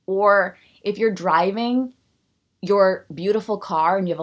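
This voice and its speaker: A woman's voice: on the low side, normal speed. A woman in her thirties hosting a solo podcast, ranting sarcastically and animatedly, then reading a passage aloud. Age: 30s. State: out of breath. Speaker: podcast host.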